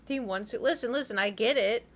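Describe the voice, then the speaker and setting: A woman's voice: fairly high pitch, brisk. A young woman with a slight lisp from braces, chatting casually on a live stream and telling rambling, self-mocking stories with frequent laughter.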